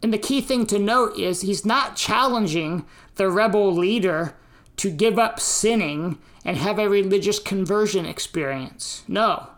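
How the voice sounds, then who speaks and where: An American woman preaching a sermon, teaching slowly and deliberately and giving emphasis to the quotes she reads out. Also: medium pitch. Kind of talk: sermon on scripture and history.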